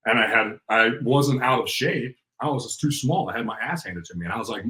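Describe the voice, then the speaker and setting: A man, a podcast guest, telling a story in casual conversation, animated and acting out the dialogue, with lots of "like" fillers. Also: mid-range voice, fairly quick, few pauses, poor audio. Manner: animated, acts out quoted dialogue, many "like" fillers.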